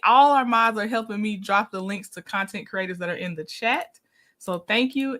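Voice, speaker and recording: A woman's voice: a little high, a bit bright. A woman hosting a casual livestream, greeting viewers by name and laughing often. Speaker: livestream host.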